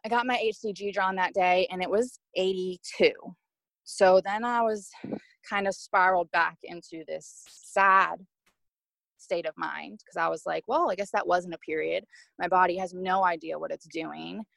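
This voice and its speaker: A woman's voice: on the low side, fairly even intonation, normal speed, creaky, a bit bright, dry recording, poor audio. A young adult woman telling a candid, emotional personal story as a podcast guest, with frequent fillers. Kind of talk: personal story told in conversation.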